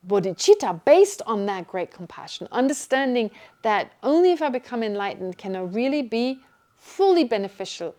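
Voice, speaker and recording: A woman from Germany, giving a Buddhist teaching to a class in a lively, joking way with rhetorical questions. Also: medium pitch. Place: meditation centre teaching hall.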